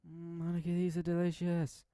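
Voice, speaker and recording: A man voicing a sweet, timid teenage schoolgirl who cries easily, with a high, soft, whimpering voice. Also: monotone, moderate pace, clear, resonant tone, no room sound, natural voice.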